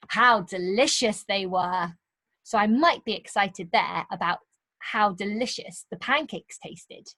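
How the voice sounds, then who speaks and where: Lively sing-song teacher woman. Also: on the high side. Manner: encouraging, sing-song, stretches key words slowly. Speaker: primary school teacher. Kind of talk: recorded online lesson for young children.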